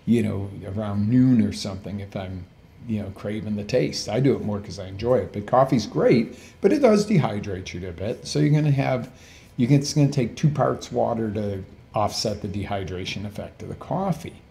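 Fairly low, gravelly and warm, this man's voice has lively intonation and a moderate pace. On his casual live health coaching stream he chats freely, peppers viewers with questions, and often corrects himself.

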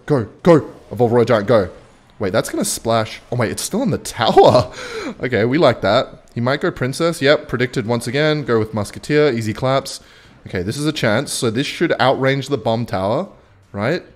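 A young man talks through a strategy game in a loose, rambling way, jumping between game calls and a personal anecdote. His voice sits in a middle pitch but swings around a lot as he talks. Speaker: gaming video creator. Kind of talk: casual gameplay commentary and storytelling.

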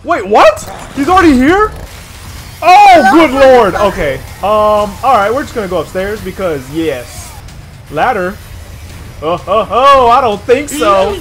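A gamer giving loud let's play commentary, exclaiming, swearing and laughing often, with faint game music behind. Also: sits high, big pitch swings, unhurried.

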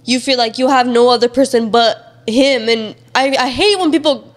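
A young woman talks openly and casually as an interview guest. Her voice sits a bit high. She often leans on fillers and sometimes sounds close to tears. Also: moderate pace. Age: young adult. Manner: casual and open, many fillers, near tears at times. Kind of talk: candid interview conversation.

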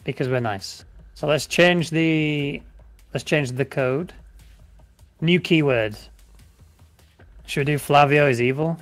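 A man's voice: on the high side, slow, pauses often, no echo, faint music behind. Chatty British man streaming a game. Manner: chatty, joking, repeats giveaway instructions. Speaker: streamer co-host. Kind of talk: live gameplay stream chat.

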